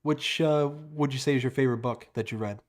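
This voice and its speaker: Animated man hosting a livestream. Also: mid-range voice, fast talker. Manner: animated storyteller, asks easy questions. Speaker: host. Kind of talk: casual chat on a livestream.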